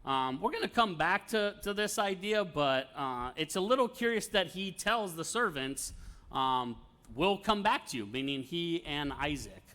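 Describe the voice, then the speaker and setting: Bright-voiced man teaching a Bible study. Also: a little high, expressive, unhurried. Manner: conversational, with many fillers and light laughs.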